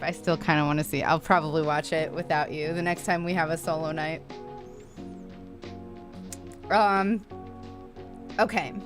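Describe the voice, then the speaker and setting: Chatty, swearing woman streamer. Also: fairly low pitch. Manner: chatty, profane, excitable. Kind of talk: casual live-stream chat while crocheting.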